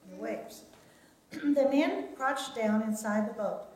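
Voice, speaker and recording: A woman leading a children's sermon, reading a Bible story and gently asking the children questions. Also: on the high side, lively intonation, takes it slowly, far from the mic. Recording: very echoey room.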